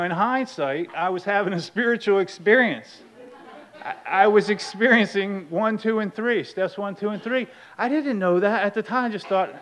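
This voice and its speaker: A man sharing his recovery story at a meeting, candid and self-deprecating, laughing often and moving between hushed and animated telling. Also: a little high. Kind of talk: personal storytelling.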